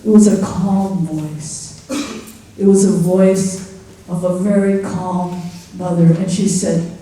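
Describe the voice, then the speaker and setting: A woman's voice: on the high side, takes it slowly, dark tone. A woman playing a poor young trailer-park mother. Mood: earnest. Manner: confiding, addressing the listener by name. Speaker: stage character. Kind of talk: live one-woman theatre monologue. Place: theatre stage. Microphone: distant stage mic. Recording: echoey theatre from far off.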